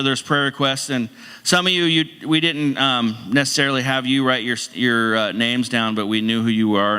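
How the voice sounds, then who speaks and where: A middle-aged man preaches in a loose, conversational way, often restarting his sentences and slipping in humorous asides. His voice is bright and forceful. The sound has the long reverb of a church hall. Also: mid-range voice, clean tone. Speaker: pastor. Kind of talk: casual sermon. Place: church sanctuary.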